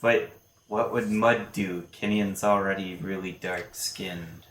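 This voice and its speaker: A man's voice: deep voice, steady tone, slow pace, slight background noise, voice pushed down. A man voicing a hot-tempered hobgoblin who barks orders and curses, recorded in an echoey room. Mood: scheming. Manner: shouting, cursing, bossy.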